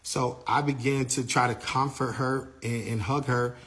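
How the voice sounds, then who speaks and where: A man working as a tour manager, retelling events in a casual, animated way and quoting the people involved. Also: mid-range voice, a little slow. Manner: animated storytelling, quoting others.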